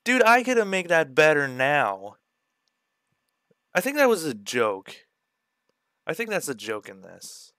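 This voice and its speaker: A man's voice: a little high, sing-song, measured pace, pauses often, sharp tone, dry recording, studio quality. A man streaming, chatting casually and joking with swearing as he reacts to his own old videos.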